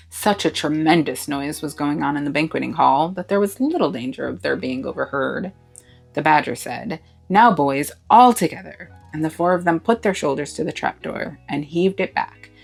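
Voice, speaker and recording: A woman reading a classic novel aloud with expressive narration. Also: low-pitched, vocal fry, low-quality recording. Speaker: storybook reader.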